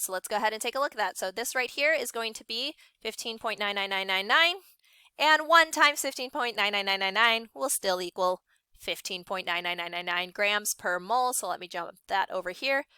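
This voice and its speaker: Young woman teacher, bright crisp voice, upbeat and encouraging, dry close sound, online class. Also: medium pitch, dry recording. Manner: upbeat, encouraging, brisk calling out of student names. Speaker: science teacher.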